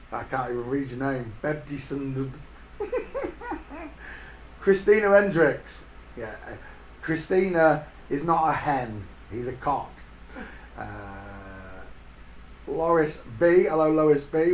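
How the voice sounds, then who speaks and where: An older man hosting a casual livestream, greeting viewers by name and sending blessings, with jokey asides. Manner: jokey, drops into sudden high silly voices. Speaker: livestream host. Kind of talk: casual live-stream chat. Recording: echoey room with faint hiss.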